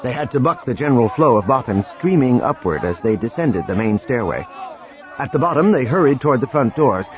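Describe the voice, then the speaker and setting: A man narrating an audiobook in a dramatic, expressive reading. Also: mid-range voice, fairly quick, a crowd in the background. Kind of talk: scripted narration. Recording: dull lo-fi recording with music.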